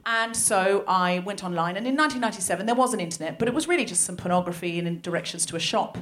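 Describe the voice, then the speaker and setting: An Australian woman in her thirties doing stand-up storytelling for a live audience, animated and self-mocking, often laughing through her lines. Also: mid-range voice, racing, background noise. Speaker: comedy podcast host. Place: large hall with live audience.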